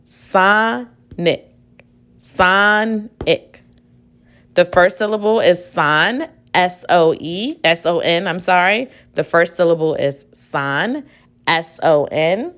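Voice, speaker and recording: A woman teacher giving a spelling dictation lesson, speaking deliberately, repeating each word and spelling it out letter by letter. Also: fairly low pitch, lively intonation.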